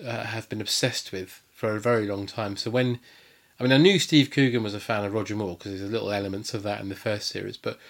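A man chatting as a podcast guest, enthusiastic and rambling, with lots of fillers and restarts. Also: fairly low pitch. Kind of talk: casual chat.

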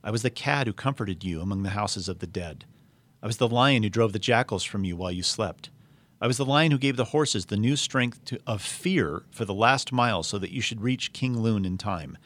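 A man reading the part of a majestic, commanding male lion in a storybook, slowly and solemnly. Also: on the low side, expressive, a bit bright. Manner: slow, solemn, measured reading.

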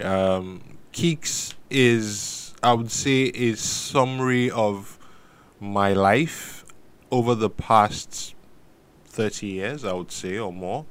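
A man with a fairly low voice, a guest in a studio interview. He recounts his story at a steady, relaxed pace, pausing to think now and then. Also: clean tone. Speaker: guest, sneaker company founder.

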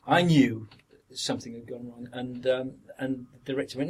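An older man with a Yorkshire accent recalls his acting work in a relaxed interview. His voice is husky and mid-pitched. He rambles, repeats words, and briefly acts out other people's lines. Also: moderate pace, poor audio. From Yorkshire, northern England. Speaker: actor, podcast guest. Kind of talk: anecdotal interview reminiscence.

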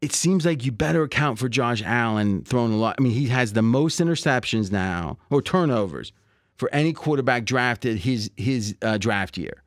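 A man's voice: medium pitch, animated, moderate pace, no echo. Dry-voiced chatty male sports host. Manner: chatty, laughs often, restarts phrases. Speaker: sports betting podcast host. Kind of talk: casual sports chat.

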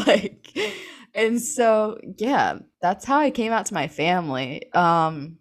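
A woman's voice: medium pitch, lively intonation, slow. A young woman telling a personal story as an interview guest, chatty and full of fillers, laughing often.

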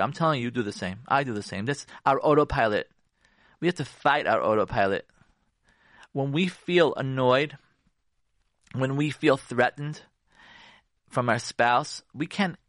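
A man's voice: mid-range voice, dry recording, clean studio sound. A man, a rabbi, giving marriage advice on the radio, acting out conversations and asking listeners questions. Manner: animated, acts out conversations and asks the listeners questions. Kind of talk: radio talk.

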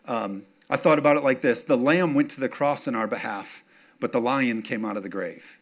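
A man's voice: mid-range voice, moderate pace. A man preaching a sermon, building to emphatic declarations and asking the congregation again and again if they are with him. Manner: call-and-response, keeps checking in with the congregation; rises to emphatic, punchy declarations. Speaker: pastor.

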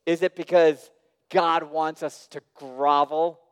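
A man preaching a sermon as pastor, swinging between hushed, quiet phrases and sudden raised, emphatic lines. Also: on the high side, flat delivery, slow pace, smooth. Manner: dynamic preaching, dropping soft and rising loud. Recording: long reverb of a large hall.

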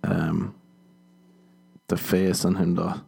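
Low-voiced man, swearing comic monologue. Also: level tone, slow, creaky, warm tone, breathy edge. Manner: swears freely, laughs at his own jokes, acts out voices. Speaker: stand-up comedian and podcast host. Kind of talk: casual podcast monologue.

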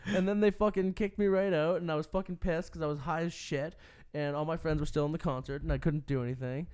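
A man's voice: a little high, steady tone, fast talker, a little mellow, clean tone. A young man co-hosting a podcast, telling laid-back stories and swearing casually. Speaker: podcast co-host. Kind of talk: casual chat.

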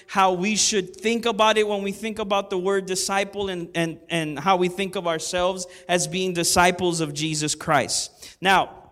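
A man's voice: high-pitched, fairly bright tone. A man preaching a casual, conversational sermon, often asking the congregation for an amen. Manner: conversational, asks the congregation for amens; self-deprecating humor. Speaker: pastor.

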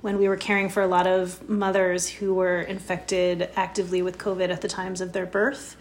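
A woman doctor speaking as a guest in a casual interview, calm and measured with hesitant fillers. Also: lowish voice.

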